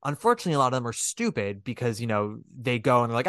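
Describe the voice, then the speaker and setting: A man chatting casually as a podcast host, rambling and animated, with a self-deprecating, frank manner. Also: mid-range voice, racing, dry recording, clean studio sound. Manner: swears casually. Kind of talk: casual chat.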